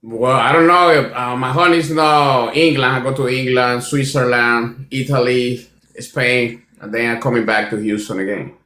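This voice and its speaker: A man's voice: medium pitch, fairly even intonation, moderate pace, pushed and bright, reverberant. A man calling in to a live debate, enthusiastic and speaking broken English. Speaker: caller. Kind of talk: casual call-in debate.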